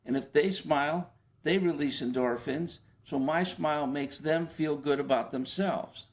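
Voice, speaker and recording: An older man, a former FBI agent being interviewed, explaining in a conversational way, often posing rhetorical questions and stumbling into quick restarts. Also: a little high.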